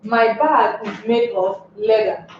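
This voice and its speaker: A woman's voice: mid-range voice, takes it slowly, slight background noise. A woman teaching an English lesson, posing rhetorical questions to her class and then answering them herself. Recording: echoey room, distant mic, dull sound.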